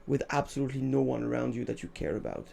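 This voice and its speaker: Gravelly French man chatting. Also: mid-range voice, fairly even intonation, quick pace, mellow, slight background noise. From France. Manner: hesitant, restarts often, thinks aloud. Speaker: podcast co-host. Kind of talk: casual chat.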